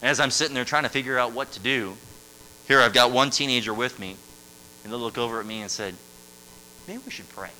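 A male youth pastor preaching a sermon, swinging from loud passionate lines to quiet hushed ones. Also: medium pitch, fast, a little hiss or hum, poor audio.

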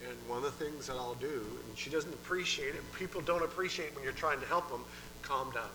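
A male pastor delivers a sermon in plain, conversational language, dropping to hushed tones and then pressing a point with emphasis. His voice sits fairly high for a man. A steady hum is audible behind him. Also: fast talker. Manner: conversational preaching, swings from hushed to emphatic, repeats words.

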